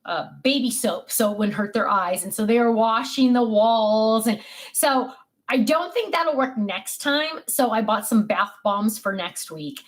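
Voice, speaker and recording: An older woman, a grandmother and craft vlogger, chats casually and tells family stories, full of fillers and restarts. Her voice is on the high side, expressive and unhurried.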